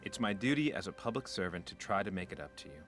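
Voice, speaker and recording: An actor playing a formal, dutiful park ranger in a mystery game, speaking in measured, proper sentences. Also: male voice, low-pitched, big pitch swings, fairly bright tone, faint music behind.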